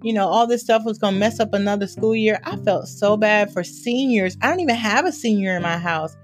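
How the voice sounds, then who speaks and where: A woman speaking as a therapist on a podcast, telling stories in a lively way and laughing often. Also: mid-range voice, brisk, soft background music. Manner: animated storytelling with frequent laughter. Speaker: therapist guest. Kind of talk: podcast interview.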